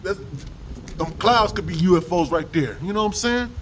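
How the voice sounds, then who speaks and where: A man's voice: sits high, normal speed, a bit bright, slight background noise, poor audio. A man giving a rambling, profane religious rant to camera, mixing slang with scripture readings. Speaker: vlogger preaching on scripture.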